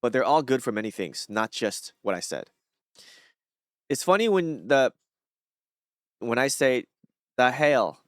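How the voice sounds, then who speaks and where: A man's voice: mid-range voice, expressive, unhurried, long pauses, dry recording, studio quality. A man chatting casually on a live stream, rambling with many fillers and restarts.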